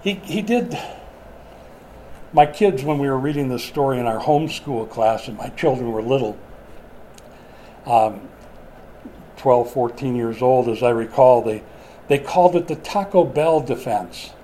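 Middle-aged guy pastor, chatty sermon, warm soft voice, light background noise. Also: mid-range voice, unhurried, pauses often, rough recording. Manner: conversational, asks the congregation questions.

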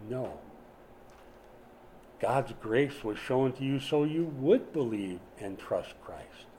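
Mellow-voiced older man preaching conversationally. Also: mid-range voice, expressive, takes it slowly, a little hiss or hum. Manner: conversational, asks the congregation questions. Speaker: pastor. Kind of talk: sermon. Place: small church during a power outage.

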